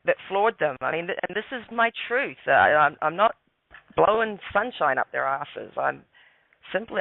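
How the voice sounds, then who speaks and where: A man, a guest calmly telling a personal story, repeating words as he goes. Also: fairly high pitch, vocal fry, dry recording. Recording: phone line, dry.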